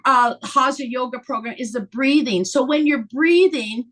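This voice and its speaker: Bright-voiced woman leading laughter yoga. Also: high-pitched, normal speed. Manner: animated, breaks into laughter, guides breathing. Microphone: video call.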